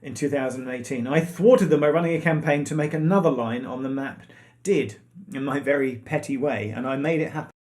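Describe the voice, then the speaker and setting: A man co-hosts a casual online quiz night, chatting in a loose, rambling way. His voice sits at an ordinary middle pitch, and he often pokes fun at himself as he wanders through facts. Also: a little fast, a little mellow. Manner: chatty, rambling, self-mocking. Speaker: quiz co-host. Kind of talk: casual live-stream chat.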